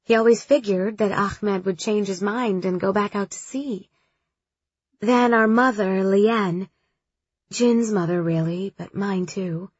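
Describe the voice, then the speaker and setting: A woman voicing a gentle, wistful young woman who speaks softly and reflectively. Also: medium pitch, steady tone, slow pace, husky, no echo, highs cut off.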